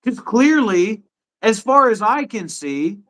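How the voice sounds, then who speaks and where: Stream host, man in his thirties, high and indignant, rants and swears at his co-host. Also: big pitch swings, slow, fairly bright tone. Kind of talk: heated live stream argument. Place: his apartment.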